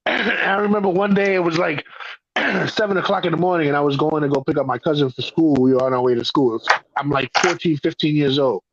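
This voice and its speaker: A man's voice: on the high side, a little fast, dry recording, muffled recording. A man hosting a podcast, telling stories in a brash, profane, casual way. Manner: brash, profane, animated storyteller. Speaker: podcast host. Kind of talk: casual chat, storytelling.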